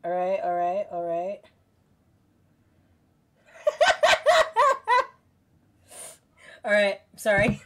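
A young woman streaming a game, chatting casually with her viewers, excitable, giggly and quick to swear. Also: mid-range voice, a little hiss or hum. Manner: excitable, giggly, swears freely, talks to chat. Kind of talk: casual let's-play commentary.

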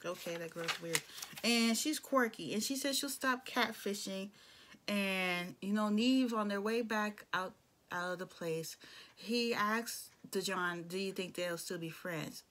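A woman's voice: medium pitch, slow, a bit bright. A young adult woman giving a casual, opinionated recap of a reality show, with blunt asides. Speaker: show reviewer.

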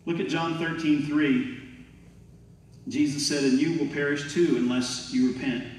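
A man preaching to his church, his slightly high voice carrying through a big echoing hall and picked up from some distance. He is emphatic, reading scripture and acting out quoted voices. Faint room noise sits behind him. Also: fairly even intonation, a little slow. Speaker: pastor. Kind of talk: sermon. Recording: echoey hall from afar.

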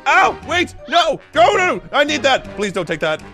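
A man voicing a gloating mad scientist villain in an animated cartoon, laughing at his own plans. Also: high voice, normal speed, faint music behind, heavily acted. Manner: cackling, gloating.

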